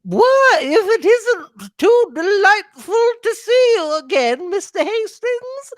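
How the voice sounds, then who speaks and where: A podcast reader voicing an effusive elderly lady of the manor in a high, sing-song put-on voice. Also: very animated, takes it slowly, no room sound, studio quality, exaggerated voice. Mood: gushing. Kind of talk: read-aloud character voice.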